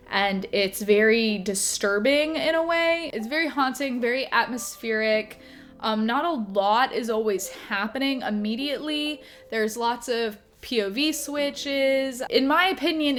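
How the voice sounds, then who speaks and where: A woman's voice: mid-range voice, fairly bright tone. A young woman reviewing her favorite books to camera, gushing and emotional, with lots of "like" and "um" fillers. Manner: impassioned, gushing, talks through tears; frequent "like" and "um" fillers. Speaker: book reviewer. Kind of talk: casual to-camera book review.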